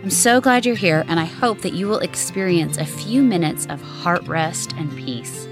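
A woman in her thirties hosting a family prayer and meditation time, speaking slowly and encouragingly to her son. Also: on the low side, lively intonation, over music. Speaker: host of family devotional. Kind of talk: gentle guided family devotional.

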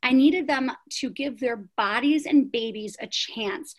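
Energetic woman telling a founder's story. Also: high voice, a little slow, hardly any pauses. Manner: energetic, emphatic, many rhetorical questions. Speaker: prenatal yoga studio founder. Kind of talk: interview storytelling.

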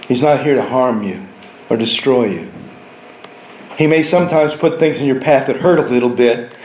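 A man preaching a sermon, telling stories from his week in an earnest way, now softly, now with force. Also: mid-range voice, reverberant, a little hiss or hum, poor audio. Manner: earnest storytelling preaching, shifting between soft and raised delivery.

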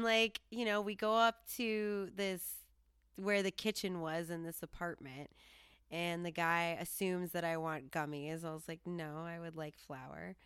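A woman's voice: low voice, clear, resonant tone, dry recording, studio quality. A woman hosting a podcast, telling a story in a casual monologue, laughing and acting out the people she quotes. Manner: animated, laughing, quoting herself and others. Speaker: podcast host.

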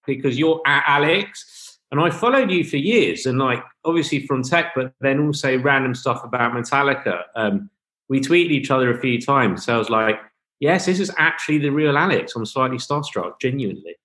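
Man, London accent, hesitant, friendly, bright voice, echoey room. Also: medium pitch, lively intonation, moderate pace. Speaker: returning podcast guest. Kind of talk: casual podcast chat.

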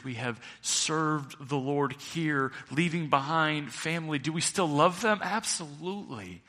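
Middle-aged guy preaching, bright forceful voice, big echoey church hall. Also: medium pitch. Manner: impassioned, builds to loud climaxes then drops quiet. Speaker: pastor. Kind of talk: sermon. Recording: long reverb of a large hall.

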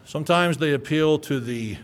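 A man's voice: on the high side, moderate pace. A male pastor preaching a sermon in an earnest, conversational way that climbs into emphatic peaks.

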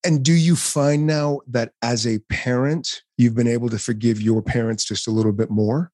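A man's voice: mid-range voice, fairly even intonation, moderate pace, a little mellow, dry recording, studio quality. A middle-aged man hosting a podcast, effusive and playful, gushing over his guest. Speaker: podcast host. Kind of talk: heartfelt interview.

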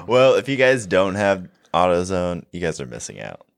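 A man's voice: deep voice, normal speed, gravelly, no room sound, clean studio sound. A young man co-hosting a health podcast, chatting casually and joking, laughing often. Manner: animated, laughs often, jokey. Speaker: podcast co-host, health coach.

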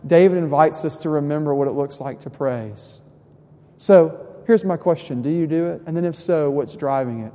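A young man preaching a sermon. He talks in a conversational way, drops to soft asides and then rises into emphasis. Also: fairly high pitch, normal speed. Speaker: pastor. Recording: long hall reverb.

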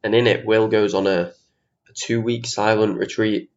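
A man's voice: on the low side, steady tone, normal speed. A young man hosting his own podcast, talking in a chatty, ranting way, swearing casually and poking fun at himself. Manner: chatty, ranty, swears casually, self-mocking. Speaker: podcast host. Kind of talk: casual solo podcast monologue. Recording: slightly dull lo-fi podcast audio.

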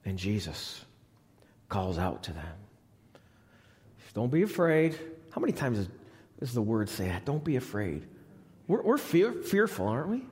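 A male pastor preaching a live sermon in a church, swinging from loud, high appeals to hushed, low lines. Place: church sanctuary. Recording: long reverb of a church hall.

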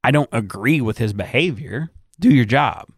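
Podcast co-host, man, mid pitch, swears a lot, dry booth sound. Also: moderate pace, slightly rough, dry recording. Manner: profane, animated retelling with quoted voices. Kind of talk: crude casual storytelling.

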